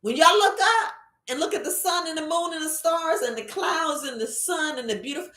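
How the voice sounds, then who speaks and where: A woman's voice: extremely high pitch, fairly quick, sharp tone. A woman herbalist hosting a casual live stream, giving a repetitive, preachy motivational talk and calling her viewers family, from a computer across the room. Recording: roomy echo.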